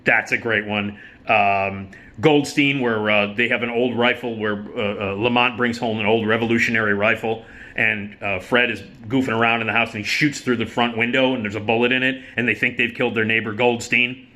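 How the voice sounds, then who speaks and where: Middle-aged male host, low and bright, rambling casual chat, loose, profane and full of fillers. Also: fairly even intonation, moderate pace.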